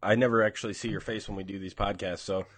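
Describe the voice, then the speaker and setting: A man's voice: on the low side, fairly even intonation, fast talker, a bit bright, husky, no room sound. A man co-hosting a casual podcast, joking and teasing his friend in loose banter. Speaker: podcast co-host. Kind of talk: casual chat.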